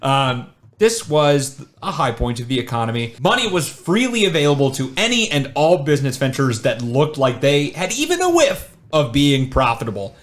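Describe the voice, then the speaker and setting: Young male podcast host, rambling and teasing, very animated delivery. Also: medium pitch, moderate pace. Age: young adult. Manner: teasing, rambling, lively storytelling. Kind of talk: casual chat, telling a true crime story.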